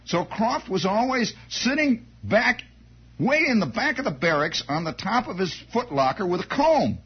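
A man's voice: high voice, very animated, normal speed, husky. A man telling a rambling army anecdote on air, digressive, with repeated words and wry asides. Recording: dull lo-fi recording.

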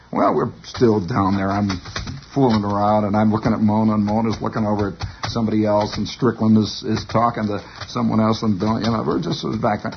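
A man telling a long rambling story on the radio, animated and stammering, on a dull lo-fi broadcast. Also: lowish voice, fairly quick, vocal fry, a little hiss or hum. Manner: animated, stammering repetitions, chuckling.

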